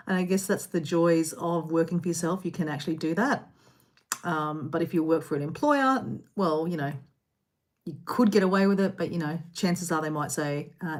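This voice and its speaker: A woman's voice: lowish voice, fairly even intonation, normal speed. A woman hosting a casual live stream, rambling and chatting while eating snacks indoors. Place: indoor room.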